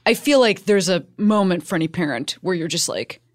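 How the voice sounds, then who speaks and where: A woman's voice: fairly low pitch, animated, fairly quick, dry recording, studio quality. A middle-aged woman hosting a casual chat, reacting effusively and then reflecting.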